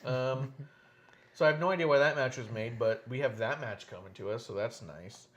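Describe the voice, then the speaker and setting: A man hosting a casual wrestling podcast, telling stories with lots of swearing and lively animation. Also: medium pitch, normal speed, muffled recording. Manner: animated, profane storytelling. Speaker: podcast host.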